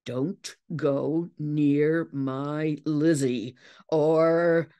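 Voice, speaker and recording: A woman's voice: deep voice, expressive, takes it slowly, darkish tone, lo-fi sound. A woman voicing a stern, self-righteous older father who bellows and growls, in a dramatic story reading. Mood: threatening. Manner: gruff, indignant.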